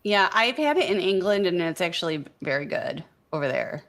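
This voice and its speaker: A woman's voice: on the low side, fairly quick, vocal fry. A woman co-hosting a live paranormal news show, chatting casually and reading out news items. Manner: relaxed, chatty, laughs along.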